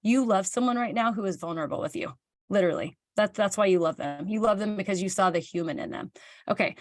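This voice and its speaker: Woman, from Kansas, motivational live talk, chatty, candid, middle pitch, dry close recording. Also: fast talker, dry recording. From Kansas, United States. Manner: chatty and candid, reads and answers viewer comments, acts out dialogue in quotes. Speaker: team leader hosting a live session.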